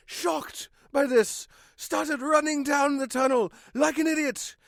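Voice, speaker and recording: A man telling an absurd comic story in a deadpan, mock-dramatic way. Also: very high-pitched, gravelly, no room sound, clean studio sound. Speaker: channel host and storyteller.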